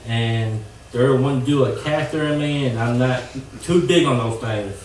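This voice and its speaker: A young man giving an earnest, halting testimony to his church. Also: mid-range voice, darkish tone, slight background noise. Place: church sanctuary. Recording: echoey church from far off.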